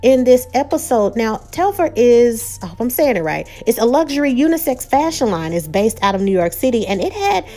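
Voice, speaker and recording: A woman's voice: a little high, a little fast, hardly any pauses. Chatty woman recapping a show. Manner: chatty and animated, frequent "you know" and restarts. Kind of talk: casual recap commentary.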